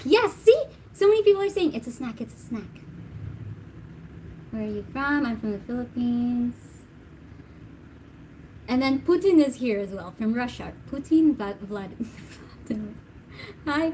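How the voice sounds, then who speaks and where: A woman's voice: a little high, darkish tone, a little hiss or hum, low-quality recording. A woman hosting a live tarot Q&A stream, chatting casually, laughing often and reading viewer comments aloud. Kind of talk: casual livestream chat.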